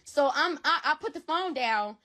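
A woman's voice: high voice, expressive, normal speed, sharp tone. A woman giving an emotional personal account in an interview, heated and repetitive, swearing often. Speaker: interview guest.

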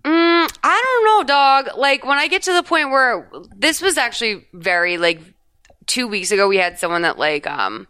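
Bright, crisp-voiced woman podcast host. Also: a little high, moderate pace. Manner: rambling, animated, frequent swearing and self-corrections. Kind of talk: casual chat recapping a movie.

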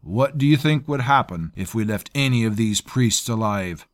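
A man's voice: lowish voice, lively intonation, moderate pace, voice pushed up, close to an everyday voice. A man voicing a menacing male mercenary captain who barks orders and growls threats. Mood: commanding. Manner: menacing, commanding.

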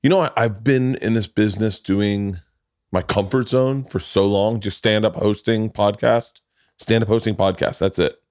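A man's voice: lowish voice, steady tone, moderate pace, darkish tone, no room sound, clean studio sound. A middle-aged man hosting a podcast, telling rambling, profane stories and laughing often. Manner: rambling, profane storyteller who laughs a lot. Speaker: podcast host. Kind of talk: casual podcast chat.

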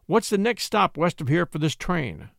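A man voicing a cool, cunning young attorney in a story reading, smooth and commanding. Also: a little high, big pitch swings, moderate pace, fairly bright tone, no echo, studio quality, exaggerated voice. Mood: stern. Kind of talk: audiobook character voice.

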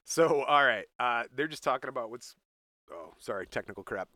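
Lively man telling a story. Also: mid-range voice, normal speed, slight background noise. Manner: animated, acts out quotes in bursts. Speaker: podcast co-host. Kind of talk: casual storytelling chat.

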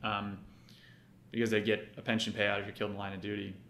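A man's voice: fairly low pitch, monotone, fast talker, fairly bright tone, echoey room, a little hiss or hum. A man co-hosting a podcast in casual chat, talking loosely with frequent restarts, fillers and a bit of swearing. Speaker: podcast co-host.

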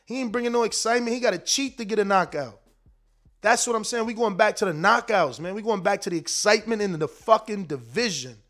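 A man hosting a boxing livestream, ranting in a heated, profane, slangy way straight to his chat. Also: high voice. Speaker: boxing commentator, show host. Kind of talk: casual livestream rant.

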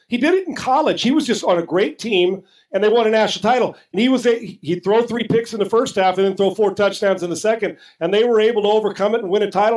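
High-voiced man arguing sports. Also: a little mellow, rough recording. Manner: emphatic, profane, repeats words when starting sentences. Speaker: sports talk co-host. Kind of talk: casual sports debate.

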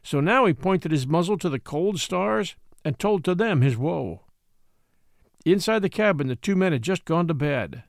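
A man reading a classic novel aloud in measured storytelling style. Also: on the high side, lively intonation, gravelly, dry recording, studio quality. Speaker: audiobook reader.

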